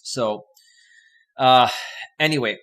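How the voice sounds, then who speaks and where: A man's voice: mid-range voice, slow, a bit bright. A man hosting a casual live stream, chatting with viewers in a rambling, upbeat way from a home green-screen setup with a desk microphone. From Northern California. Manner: rambling, chatty, reads viewer comments aloud. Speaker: host.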